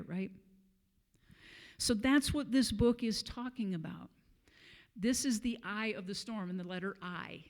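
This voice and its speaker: A guest speaker giving a conversational sermon at a church service, telling a story with frequent fillers and chuckles. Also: medium pitch.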